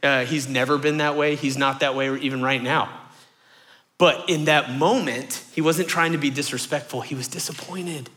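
A man in his thirties preaching a sermon, telling a story in lively fashion and repeating phrases for rhythm. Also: a little high, normal speed. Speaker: pastor.

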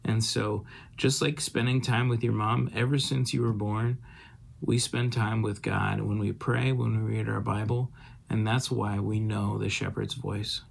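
A pastor talking informally to children, folksy and rambling with restarts. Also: male voice, lowish voice, flat delivery, unhurried, vocal fry.

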